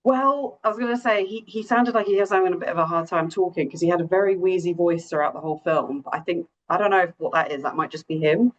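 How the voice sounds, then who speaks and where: Woman, podcast co-host, eager chatty talk, lowish voice, dull lo-fi recording. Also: fairly even intonation, quick pace, few pauses. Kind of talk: casual chat. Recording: dull lo-fi audio.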